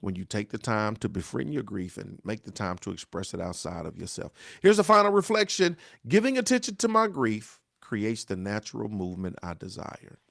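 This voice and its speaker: A man's voice: fairly low pitch, sing-song, a little fast, gravelly, hardly any pauses, dry recording, studio quality. A middle-aged man, a pastor, giving a devotional talk on grief in a repetitive, exhorting preacher cadence, often asking "right?". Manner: exhorting, call-and-response.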